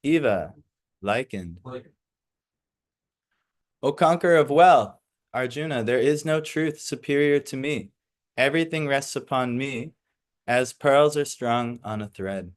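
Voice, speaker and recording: A man's voice: medium pitch, a little slow, pauses often. A man leading a scripture class, reading passages aloud and explaining them in a casual way, hesitant over Sanskrit recitation. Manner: reads steadily, then slips into casual asides with fillers.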